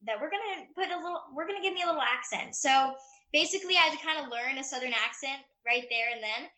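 A bubbly actress chats in an interview, gushing and full of filler words. Her voice is fairly high and very bright, with a ringing edge. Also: expressive, fast talker. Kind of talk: casual interview chat.

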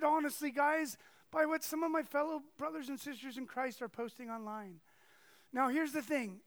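A man's voice: very high voice, fairly bright tone, no echo. A man preaching a sermon to a congregation, speaking conversationally and animatedly, with asides and acted-out quotes. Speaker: pastor.

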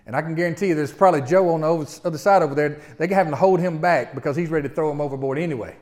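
A middle-aged man delivers a sermon in a folksy, animated style, frequently turning to speak straight to his listeners. His voice is fairly high and his delivery rapid-fire.

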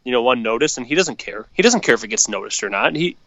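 Animated and fast, a bright, forceful mid-range voice fires off profane, strongly opinionated hockey rants as he co-hosts a casual podcast of sports chat. There's no echo, and the sound is lo-fi.

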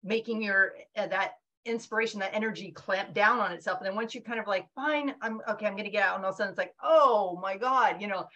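Woman author, middle pitch, crisp bright voice; chatty and animated, acts out her own thoughts. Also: fast, hardly any pauses, highs cut off. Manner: rambling, frequent fillers and restarts. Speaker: guest author. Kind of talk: casual podcast interview.

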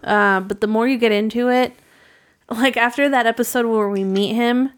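A woman co-hosting a podcast in relaxed casual chat, chiming in with corrections and details. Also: on the high side, moderate pace. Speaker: podcast co-host.

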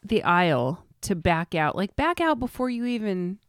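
A woman's voice: medium pitch, very animated, moderate pace, clear, resonant tone, no echo, studio quality. A woman co-hosting a casual gossip podcast, blunt and wry, with sarcastic asides. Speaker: podcast co-host.

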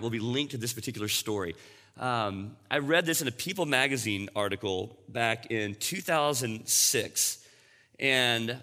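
A man's voice: medium pitch, pushed and bright. A male pastor preaching a sermon in a conversational way, often checking in with "all right?" and "you know". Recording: long hall reverb.

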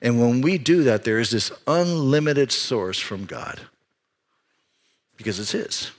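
A man preaching a sermon as pastor, telling a personal story in an animated way with frequent restarts. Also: medium pitch, measured pace.

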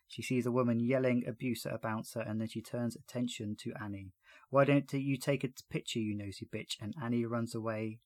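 A man hosts a relaxed podcast, chatting through a TV episode with an easy, amused manner. He retells scenes in a dry voice and laughs along the way. His voice sounds close and dry, with no room echo. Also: mid-range voice. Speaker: podcast host. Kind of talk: casual podcast chat recapping a TV episode.

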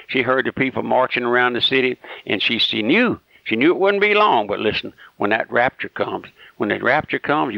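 A man's voice: mid-range voice, creaky, dry recording. A middle-aged man preaching a radio sermon, folksy and fervent, pleading with rhetorical questions. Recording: dull, dry, lo-fi radio recording.

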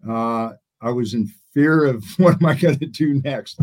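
A man's voice: medium pitch, moderate pace, a little mellow. A man in his sixties, a guest in an interview, telling stories in a rambling way and often restarting his sentences. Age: 60s. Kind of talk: casual interview storytelling.

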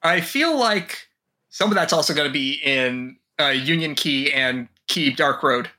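Co-host chatting about a game, lively pitch, bright voice, jokey. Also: measured pace. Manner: animated, lively and joking. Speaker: podcast host. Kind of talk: casual chat.

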